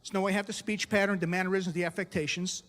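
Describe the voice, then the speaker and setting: A middle-aged man from the United States performing a stand-up comedy set on a club stage, with punchy delivery and quick asides to the crowd. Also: sits high, level tone, fairly bright tone, big-room sound.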